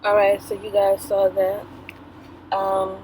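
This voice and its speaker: Woman vlogger, earnest commentary, preachy and repetitive, mid-pitched, plain delivery. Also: completely flat delivery, slow pace, darkish tone, a little hiss or hum, rough recording. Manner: earnest, preachy, repeats herself. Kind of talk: casual commentary to viewers.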